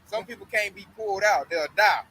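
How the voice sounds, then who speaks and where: A young man preaching outdoors, telling a blunt, profane, animated testimony story. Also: high-pitched, brisk, slightly rough, poor audio.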